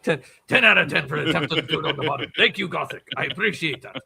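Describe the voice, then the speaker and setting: A raspy, gravelly man putting on a gruff dwarven brogue in casual podcast chat. His voice is bright and fairly high, and he swears freely. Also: animated, fast talker. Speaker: podcast guest.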